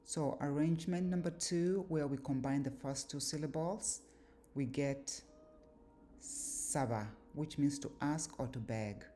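Woman, very low pitch, dark mellow tone, measured lecture, faint background hiss. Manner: measured, deliberate, with pauses and fillers. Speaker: language teacher. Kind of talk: slow explanatory lecture.

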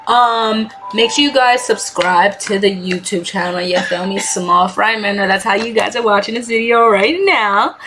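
A woman's voice: medium pitch, fairly bright tone, slight background noise. A young woman narrating her Roblox hospital role-play in a dramatic, slangy, playfully over-the-top way. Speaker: gaming YouTuber.

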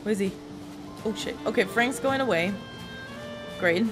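A woman's voice: medium pitch, moderate pace. Panicky swearing woman gamer over music. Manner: panicky, swearing, laughing, chatty with the enemy. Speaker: gaming YouTuber. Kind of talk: let's play commentary. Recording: game music playing behind the voice.

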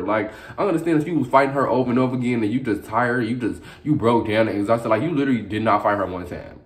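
A man's voice: medium pitch, fast, hardly any pauses. A young man giving a brash, profane, sassy commentary in a casual video review. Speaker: reality show reviewer.

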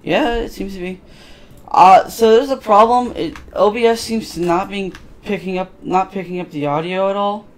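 A man's voice: sits high, normal speed. A man casually commentating a video game, crude and profane, loosely recapping the story as he plays. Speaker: let's play gamer.

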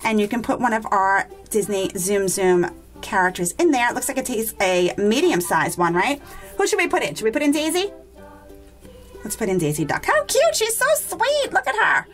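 A woman's voice: medium pitch, animated, moderate pace, faint music behind. A woman hosting a toy unboxing vlog, gushing with enthusiasm and talking to her viewers as guys. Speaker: toy unboxing channel host.

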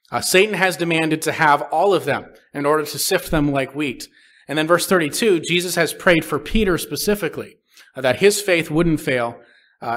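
A man's voice: on the high side, a bit bright. A man preaching a sermon as a pastor, reading scripture and explaining it plainly with frequent "uh" fillers. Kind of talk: expository sermon. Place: church sanctuary.

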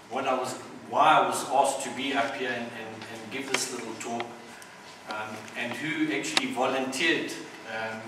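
A man giving an informal community speech with a joke, hesitant, with many ums and restarts. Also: medium pitch. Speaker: community speaker. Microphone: distant mic. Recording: echoey hall from far off with background noise.

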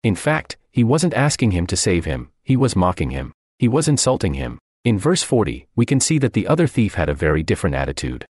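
A man's voice: on the low side, huge pitch swings, a little fast, hardly any pauses, a little mellow, breathy edge, dry recording. A man voicing a translated radio sermon, preaching earnestly and emphatically with repeated phrases, close to the mic.

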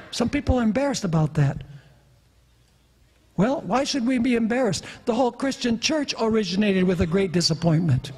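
A man's voice: extremely high pitch, a little mellow, husky. A man preaching a sermon, emphatic and questioning his audience. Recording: long reverb of a hall.

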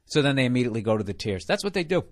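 A man's voice: medium pitch, sing-song, racing. A man hosting a comedy podcast, ranting in a profane, sarcastic monologue. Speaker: podcast host.

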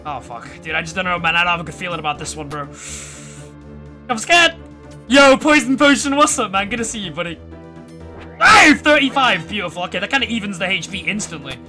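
Man, game streamer, excitable, swearing, bright, lively pitch. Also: rapid-fire, hardly any pauses, soft background music. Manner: excitable, swears, talks to chat as "bro". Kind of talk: live gameplay commentary to chat.

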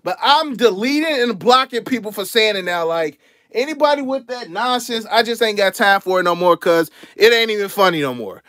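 Young man, high pitch, dry close sound, casual slangy livestream host. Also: animated, normal speed, no echo. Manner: laid-back slangy chatter, shouting out donors. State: out of breath. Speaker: sneaker channel host. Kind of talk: casual livestream show-and-tell.

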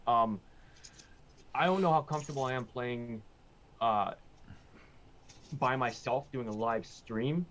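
A man of middle pitch calling in to ask a question on a stream. He talks in a halting, unsure way, with a faint hiss of noise behind him. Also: a bit bright. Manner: hesitant, halting with fillers. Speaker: caller asking a question.

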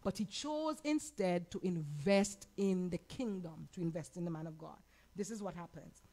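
A woman pastor with a Caribbean accent teaching a Bible lesson, animated, asking the audience questions and acting out quoted lines. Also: on the low side, normal speed. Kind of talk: sermon-style Bible teaching.

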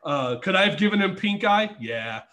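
In a laid-back podcast conversation, this middle-aged former wrestler tells stories from his career, laughing often and swearing without restraint. His high-pitched voice has a sing-song lilt, sounding pushed and bright at a moderate pace.

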